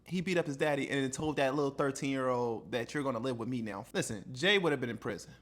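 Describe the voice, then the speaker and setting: A man's voice: medium pitch, fast, fairly bright tone. A man cutting in to react to a story with skeptical commentary. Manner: incredulous, skeptical.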